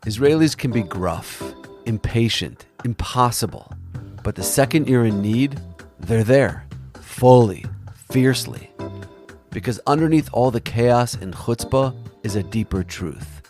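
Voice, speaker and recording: A man's voice: medium pitch, lively intonation, measured pace, darkish tone, faint music behind. A man hosting a podcast, narrating a story in a reflective, storytelling manner and interviewing guests.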